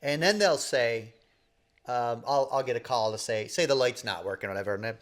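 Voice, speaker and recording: A man's voice: medium pitch, fairly quick. A man, co-hosting a casual podcast and telling stories with quoted voices and frequent laughs. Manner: animated storyteller, acts out quoted voices; laughs often. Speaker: podcast co-host. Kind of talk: casual storytelling chat.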